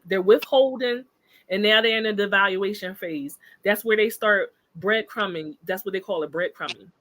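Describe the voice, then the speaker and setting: Bright-voiced woman, animated podcast chat. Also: mid-range voice, moderate pace, poor audio. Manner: animated, emphatic storytelling. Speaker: podcast guest discussing relationships.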